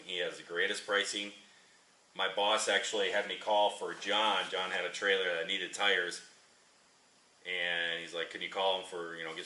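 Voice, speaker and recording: A man's voice: low-pitched, bright, forceful tone. A man who drives a truck for a living, chatting in a rambling, repetitive way as he tells a story in his vlog from a repair shop. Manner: rambling, chatty, repeats himself. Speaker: trucker and channel host. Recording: echoey shop, mic at a distance.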